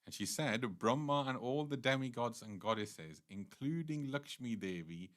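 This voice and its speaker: A man's voice: mid-range voice, lively intonation, normal speed, fairly bright tone. A man giving a devotional temple class, earnestly retelling scripture stories at length.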